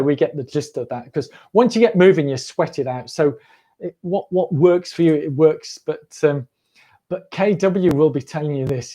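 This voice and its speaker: A man with a warm, highish voice runs a running-themed livestream. He chats loosely and rambles, laughing a lot along the way.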